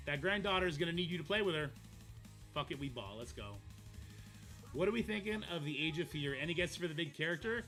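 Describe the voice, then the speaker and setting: A man, rambling loosely through a casual game livestream. His voice is very bright and sits a little high, and faint music plays underneath. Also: animated, fast talker. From Canada. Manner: goofy and rambling, laughs easily. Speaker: mobile game streamer.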